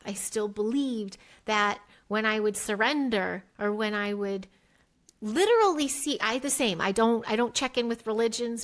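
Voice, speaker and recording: A middle-aged woman, a podcast guest, telling her life story candidly, rambling and emotional, acting out her past thoughts in little quoted voices. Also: medium pitch. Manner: rambling, with many restarts and "like" fillers.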